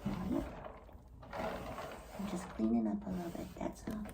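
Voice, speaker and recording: A woman filming her kittens at home, talking to them in soft, soothing baby talk. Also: medium pitch, animated, normal speed, gravelly, pauses often, background noise. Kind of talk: casual home video, talking to pets.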